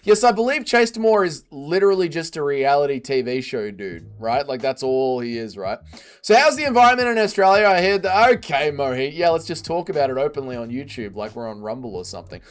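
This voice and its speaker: Man hosting a livestream, fairly high voice, loose and profane, reads chat aloud. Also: animated, fairly quick. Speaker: livestream host reading chat.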